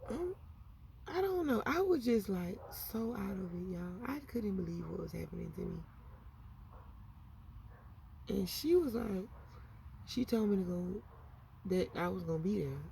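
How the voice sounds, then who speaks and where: A woman telling a story in a casual storytime vlog, animated and slangy. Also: mid-range voice, normal speed, creaky, slight background noise. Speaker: vlogger.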